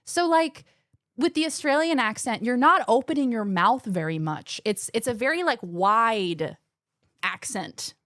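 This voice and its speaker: Lively high-voiced woman streamer chatting. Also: moderate pace, no room sound, studio quality. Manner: animated, rambling, restarts sentences often. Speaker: gaming streamer. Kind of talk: casual chat with viewers during a stream.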